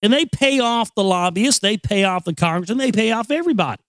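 A man's voice: sits high, expressive, a little fast, fairly bright tone, no room sound. A man hosting a show, ranting bluntly and sarcastically about the news with plenty of profanity, then reading aloud from a book. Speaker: show host.

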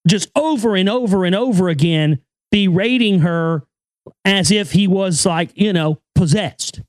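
A man's voice: sits high, a little slow, no room sound. A man hosting a casual monologue, talking emphatically and profanely, often repeating his words. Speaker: podcast host and filmmaker.

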